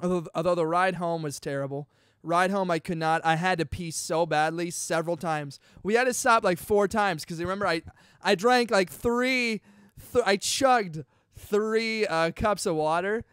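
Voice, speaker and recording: A young man hosting a podcast, excitedly telling a personal story in casual chat, full of dude and bro. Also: high voice, moderate pace, clean tone, no room sound, studio quality. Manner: chatty and excitable, peppers talk with dude and bro. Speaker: podcast host.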